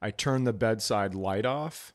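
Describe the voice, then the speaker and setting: A middle-aged man co-hosting a podcast, telling a comic story in casual chat, animated and swearing freely. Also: lowish voice, a little slow. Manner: animated, swearing, voices others in quotes. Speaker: podcast co-host, comedian.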